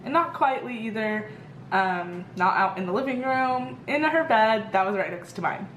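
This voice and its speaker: A woman's voice: fairly high pitch, lively intonation, normal speed, a bit bright, a little hiss or hum. A young woman vlogger telling a story in a casual, rambling way, full of fillers. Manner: chatty, rambling, lots of fillers. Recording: echoey room.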